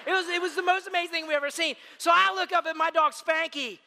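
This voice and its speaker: A man preaching a sermon as pastor, an animated storyteller who calls his listeners gang. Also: extremely high pitch, fast, in a large hall.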